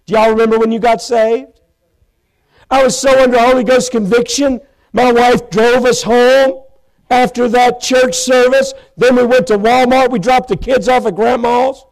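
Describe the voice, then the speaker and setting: A man preaching a sermon from a church pulpit, telling his own story with passion, breaking into shouts and slowing down to stress his points. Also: very high voice, steady tone, gravelly, low-quality recording. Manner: impassioned, bursts into shouts, slows for emphasis. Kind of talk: sermon testimony. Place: church pulpit, live stream.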